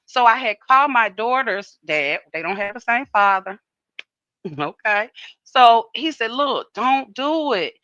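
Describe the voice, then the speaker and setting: A middle-aged woman telling stories casually, animated and profane, acting out what people said. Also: on the high side, measured pace, clear, resonant tone, no echo, dull audio. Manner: animated, profane, acts out dialogue. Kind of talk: casual storytelling.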